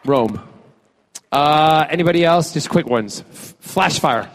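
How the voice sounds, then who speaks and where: A man's voice: on the high side, animated. Playful man joking through audience questions. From Scotland. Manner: playful and joking, with halting fillers and restarts. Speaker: celebrity guest at a fan panel. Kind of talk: casual audience Q&A.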